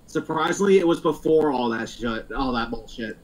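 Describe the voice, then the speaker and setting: A man's voice: mid-range voice, moderate pace, poor audio. A man hosting a casual podcast chat, rambling through stories with lots of fillers and frequent laughs. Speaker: podcast host.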